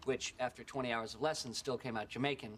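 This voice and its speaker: A man's voice: mid-range voice, fairly even intonation, fast, a bit bright, slight background noise, lightly acted. An actor playing a wry man who teases a friend in a sitcom clip, in a dry, teasing manner. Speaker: sitcom character. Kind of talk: sitcom dialogue played from a show.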